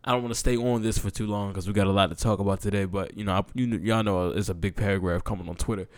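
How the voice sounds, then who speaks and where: A young adult man hosting a casual football podcast, excitable and chatty, with loose talk full of fillers and restarts. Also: on the low side, quick pace, no echo. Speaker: podcast host.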